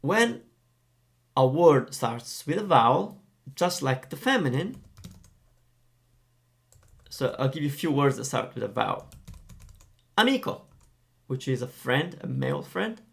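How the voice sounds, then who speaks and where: A man teaching Italian grammar, explaining in a lively, playful way. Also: mid-range voice, a little slow, creaky, pauses often.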